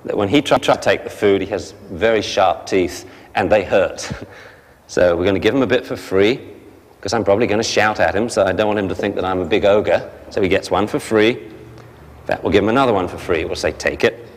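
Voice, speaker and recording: A man teaching a dog training class, explaining briskly and barking short sharp commands at the dogs. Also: on the low side. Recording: long hall reverb.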